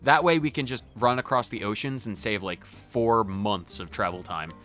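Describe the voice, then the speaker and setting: A man's voice: on the low side, normal speed, fairly bright tone, faint music behind. A man hosting a video game playthrough with casual, jokey, rambling commentary. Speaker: gaming channel host.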